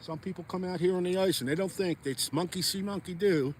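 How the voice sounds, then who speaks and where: A man's voice: high voice, brisk, slight background noise. Chatty man vlogging out on the ice. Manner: chatty, folksy, talks to viewers. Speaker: fishing vlogger. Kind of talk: casual outdoor vlog talk. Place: outdoors on a frozen lake.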